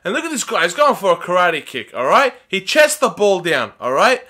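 Excitable young man shouting commentary. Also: high-pitched, a little fast, husky. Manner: excitable, often shouting at players. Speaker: gaming YouTuber. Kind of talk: excited video game commentary.

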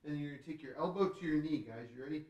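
Playful dad reading aloud, roomy and distant. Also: male voice, on the high side, quick pace, darkish tone, dull audio. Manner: playful, grunting and groaning through stretches. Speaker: father reading to his children. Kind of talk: reading a picture book aloud and demonstrating the poses.

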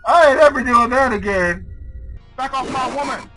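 A man's voice: very high-pitched, moderate pace, sharp tone. A man screaming and swearing in panic while playing horror games. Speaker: gaming channel host. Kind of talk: horror gameplay commentary. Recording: game music and crowd noise over the mic. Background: game music and sound effects.

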